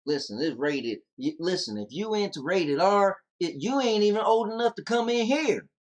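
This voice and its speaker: A man's voice: sits high, lively intonation, moderate pace. A man co-hosting a casual podcast, bantering in a laid-back, slangy way. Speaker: podcast co-host.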